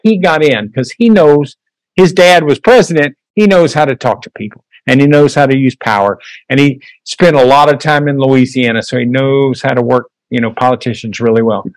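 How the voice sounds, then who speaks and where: A guest speaker gives a casual history lecture in a meeting room and takes audience questions, folksy and conversational with plenty of fillers. His voice is medium-pitched at normal speed, and the recording is rough with no room sound.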